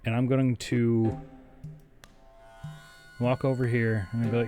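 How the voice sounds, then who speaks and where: A man's voice: medium pitch, little pitch movement, takes it slowly, long pauses, over music. Crude, joking man at a tabletop game. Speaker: player. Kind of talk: casual tabletop play.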